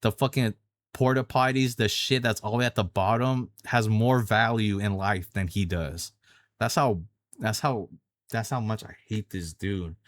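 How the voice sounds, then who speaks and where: A man's voice: on the low side, measured pace, no room sound, studio quality. A young man telling a personal story about a coworker in an angry, heated rant, cursing a lot and repeating himself. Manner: angry ranting with heavy cursing. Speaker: vlogger.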